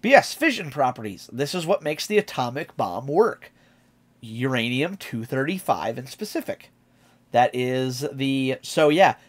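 A man streaming a casual reaction, chatty and enthusiastic as he explains lyrics. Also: fairly high pitch.

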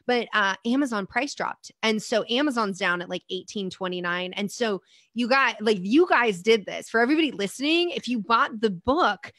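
A chatty woman from the United States, talking casually as an interview guest. She tells lively stories, acting out what people said to her. The sound is close and dry, with no room echo. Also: fairly high pitch, normal speed. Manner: chatty, animated storytelling with quoted asides. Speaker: author and doctor, guest.

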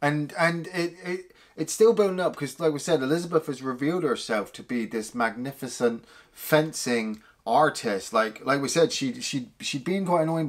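A man co-hosting a casual film review podcast, animated and swearing freely. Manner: animated, swears casually, mimics lines in a high voice. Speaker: podcast co-host reviewing films.

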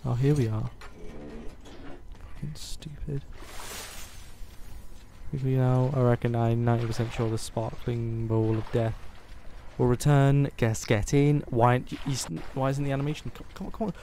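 A man's voice: mid-range voice, normal speed, long pauses, mellow, a little hiss or hum. A man giving live gameplay commentary who keeps swearing and ranting at the game out of frustration. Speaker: gaming video host.

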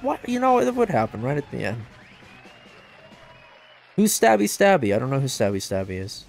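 Excitable man streaming a game. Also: fairly quick, creaky, long pauses, soft background music. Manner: excitable, bursts into high yelps during play; self-deprecating, joking. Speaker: gaming livestreamer. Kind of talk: casual livestream commentary, reading chat.

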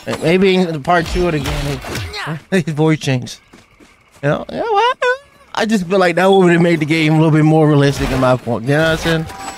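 A young man calls out a game as he plays it, excitable and full of slang. His voice sits high and leaps up and down a lot, with faint game music underneath. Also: fairly quick. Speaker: gaming YouTuber. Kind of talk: let's play commentary.

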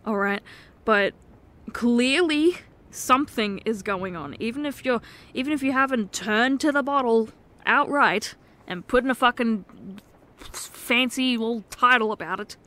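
Slow, soft-spoken woman in whispered role-play. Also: a little high. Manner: soft-spoken, shifting between hushed pleading and sharp exasperation; swears when frustrated. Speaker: ASMR role-play performer.

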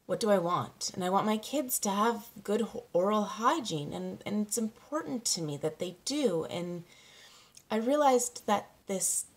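A woman in her thirties, a parenting coach, talking candidly to camera, halting and close to tears. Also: mid-range voice, lively intonation. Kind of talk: personal vlog monologue.

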